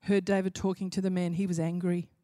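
A woman's voice: lowish voice, little pitch movement, quick pace, warm tone, no echo, studio quality. A woman preaching a sermon in an impassioned way, building to emphatic repeated phrases.

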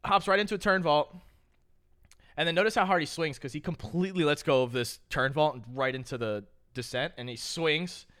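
A man's voice: fairly high pitch, a little fast, a bit bright. A young man hosting a podcast, chatting casually with loose, profane, joking banter. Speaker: podcast host. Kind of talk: casual reaction chat.

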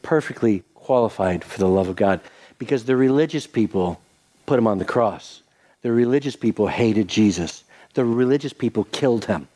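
A man's voice: on the low side, normal speed. An older man preaching a sermon as pastor, telling a story with acted-out quotes and leading a prayer. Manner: animated storytelling with voiced quotes, then soft prayer.

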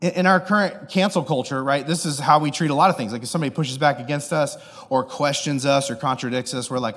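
A man's voice: medium pitch, fast talker, hardly any pauses, a bit bright, husky, big-room sound. A man pastor giving a casual, joking sermon, often checking in with the audience. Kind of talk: conversational sermon.

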